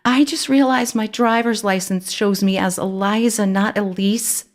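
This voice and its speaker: A woman's voice: medium pitch, fairly even intonation, a little slow, pitched above the performer's own voice, close to an everyday voice. A woman voicing a panicky girl posing as a grown woman, stammering and flustered when she talks.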